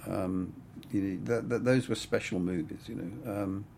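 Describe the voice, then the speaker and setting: Low gravelly older man, rambling. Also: normal speed, a little mellow, a little hiss or hum. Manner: rambling, full of "I mean" and "you know". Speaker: cinematographer. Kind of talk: casual interview storytelling.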